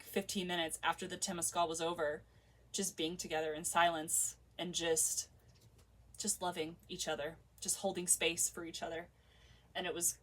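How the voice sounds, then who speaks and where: A woman's voice: on the low side, fairly bright tone, distant mic. A woman vlogger telling a personal story in a casual, emotional, heartfelt way, full of filler words.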